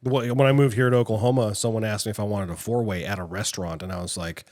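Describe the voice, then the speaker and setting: Low-voiced joking co-host, a man in his thirties, full of teasing asides. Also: steady tone, fast talker, darkish tone. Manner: teasing, jokey interjections. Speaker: podcast co-host. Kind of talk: casual chat.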